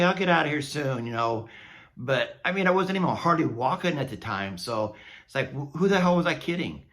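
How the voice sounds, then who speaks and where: A man's voice: medium pitch, pushed and bright. A man vlogging a personal story in a casual, candid way, laughing at himself as he goes. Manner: candid and self-mocking, laughing at his own misery.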